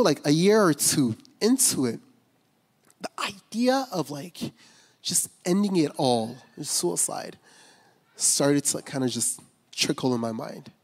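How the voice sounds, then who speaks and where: Here a man preaches his own testimony as a pastor, talking openly and conversationally with plenty of fillers and restarts. His voice is on the high side, animated, and a little slow. It's recorded in a church sanctuary with a large hall's long reverb.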